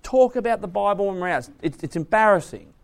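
A man's voice: high-pitched, animated, brisk, creaky, pitched above the performer's own voice. A man doing a hissing, embarrassed wife. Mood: scolding.

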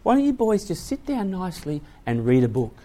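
A fed-up mother telling her boys to sit quietly indoors, as a man retelling a story puts her on. The voice sits fairly high and sounds tired of their nonsense. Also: sing-song, fairly quick. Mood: weary coaxing.

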